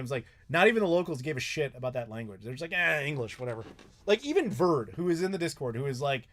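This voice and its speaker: A man in his thirties hosting a live stream from home, answering chat questions in a rambling, casual way with some swearing. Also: a little high. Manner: rambling, chatty, with frequent swearing and laughs. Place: home in Chicago.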